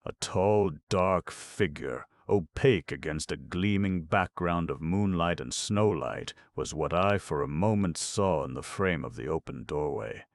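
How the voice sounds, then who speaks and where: Very deep, gravelly male audiobook narrator. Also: animated, measured pace, few pauses, no echo.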